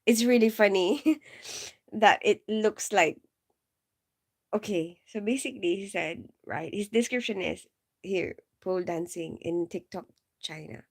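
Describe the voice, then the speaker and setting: On a live stream, a woman chats casually and rambles, giggling and repeatedly bursting into laughter while peppering her talk with "like" and "you know." Her voice is medium-pitched and a little slow.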